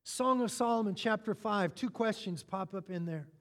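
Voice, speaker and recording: A man preaching a sermon, lively and animated, with joking asides to his congregation. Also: high-pitched, normal speed. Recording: long hall reverb.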